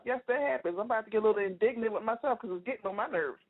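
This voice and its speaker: A woman co-hosting a comedic radio chat show, blunt and sassy, leaning hard on each point. Her voice sits high and comes through narrow and phone-like. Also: racing. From United States.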